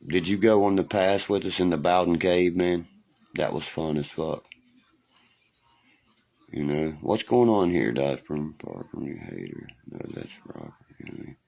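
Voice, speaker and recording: A man hosts a casual livestream, swearing freely as he tells old stories. His voice sits very low and rough with a gravelly fry, and he often gets louder for quoted lines. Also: very animated, moderate pace. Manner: profane, loud storytelling, reads and answers comments. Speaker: livestream host. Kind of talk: casual livestream chat, reminiscing. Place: home livestream.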